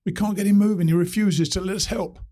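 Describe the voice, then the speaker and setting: A man doing an anxious young hiker shouting on a bad line. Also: high voice, fairly even intonation, fast talker, pitched above the performer's own voice, close to an everyday voice.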